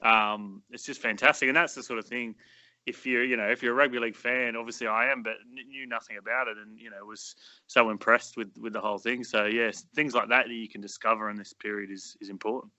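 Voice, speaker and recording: A man chatting as a guest on a sports podcast, relaxed and given to light jokes. His voice is very bright and sits close and dry, with no room around it. He trails off and restarts often, with frequent ums. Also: mid-range voice, fast talker, no echo. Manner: relaxed, joking, hesitant with many fillers. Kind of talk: casual podcast chat.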